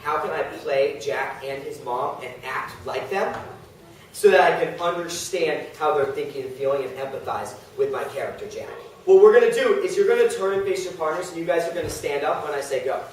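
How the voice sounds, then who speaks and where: A man leads his class with brisk, directive instructions, his voice sitting high for a man. He sounds far from the mic, and the classroom echoes heavily around him. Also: animated, slight background noise. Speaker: teacher.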